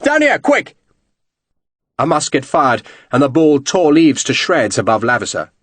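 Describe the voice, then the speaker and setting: This dramatic, expressive audiobook reading comes from a man with a medium-pitched voice who keeps a moderate pace. The recording is dry.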